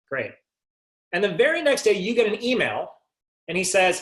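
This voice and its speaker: His voice sits high with big pitch swings, a moderate pace, frequent pauses and a fairly bright tone. Leading a sales coaching call in an echoey room, he poses rhetorical questions and keeps asking listeners "right?"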